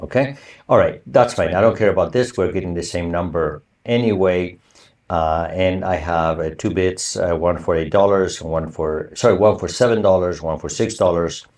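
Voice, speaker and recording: A man with a deep, low-pitched voice gives a university lecture. He talks in a loose, conversational way and keeps asking the class whether it is clear. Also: moderate pace, darkish tone. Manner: conversational, asks the class for confirmation. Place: online or recorded lecture.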